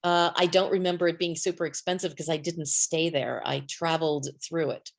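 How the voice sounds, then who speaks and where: A woman co-host with a somewhat low voice, chatting in a playful, easygoing way. She laughs often and tells her stories with relaxed, conversational energy. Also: fairly quick. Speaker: podcast co-host. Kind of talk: casual chat.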